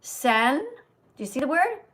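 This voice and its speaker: Older woman, strict teacher tone, slow corrections, lecturing on a livestream, somewhat high pitch. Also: sing-song, a bit bright. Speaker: host, vegan teacher. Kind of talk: livestream reading lesson.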